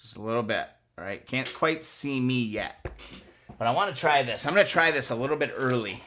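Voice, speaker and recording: A man talks casually to his live-stream viewers, coaching them step by step as he works. His voice is bright and forward, set at an ordinary middle pitch, and his delivery is upbeat and chatty. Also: lively intonation, a little fast, slight background noise. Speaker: host of a motorcycle restoration live stream.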